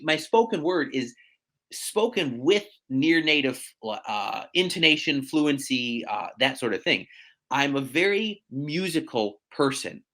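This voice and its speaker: A man, a real estate agent chatting as a podcast guest, animated and self-deprecating with quick asides. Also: on the high side. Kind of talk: casual podcast conversation.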